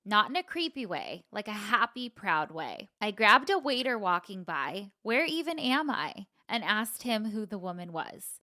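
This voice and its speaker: A woman's voice: mid-range voice, sing-song, normal speed, few pauses, pushed and bright, dry recording, studio quality. A woman co-hosting a podcast, chatting candidly and reading out a listener email, laughing easily. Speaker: podcast co-host.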